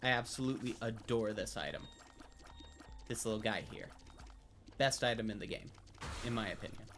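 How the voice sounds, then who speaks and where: A young male streamer reacts to his game live on a close desk mic, and his pitch jumps all over as he gets excited and curses at the screen. The game music plays clearly underneath him. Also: moderate pace. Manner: excitable, talks to himself, swears freely. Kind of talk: live gameplay commentary.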